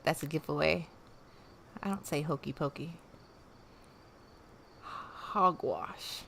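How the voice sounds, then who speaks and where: A woman's voice: deep voice, fairly bright tone, slight background noise. A woman from the American South with no regional accent, hosting a casual livestream and chatting with viewers, trailing off with fillers and restarts. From Southern United States. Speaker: livestream host.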